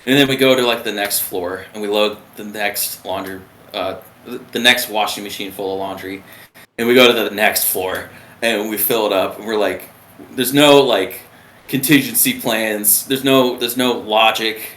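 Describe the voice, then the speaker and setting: Profane, animated man telling stories. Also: lowish voice, normal speed, slight background noise. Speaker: retired submariner guest. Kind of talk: casual storytelling. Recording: roomy echo.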